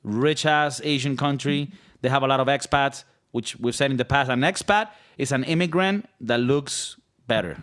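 A man's voice: medium pitch, moderate pace, hardly any pauses, a bit bright. A young man with a Venezuelan Spanish accent, co-hosting a podcast in casual, joking, rambling chat. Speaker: podcast co-host.

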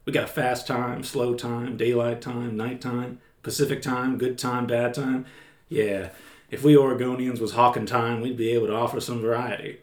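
A man's voice: mid-range voice, flat delivery, normal speed, lightly acted. A man voicing a chatty, folksy male mill worker from Oregon in an old-timey drawl, recorded in a roomy space. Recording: roomy echo.

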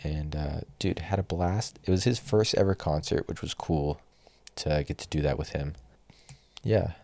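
Brief: young male podcast host, very low voice, dry close sound, profane exasperated rants. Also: a little slow, gravelly, darkish tone, no room sound. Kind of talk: solo podcast rant.

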